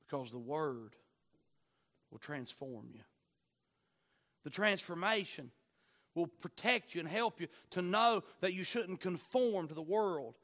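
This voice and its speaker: High-voiced impassioned preacher. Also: male voice, expressive, unhurried, gravelly, long pauses. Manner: impassioned, surging from quiet to near-shouting. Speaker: pastor. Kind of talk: sermon.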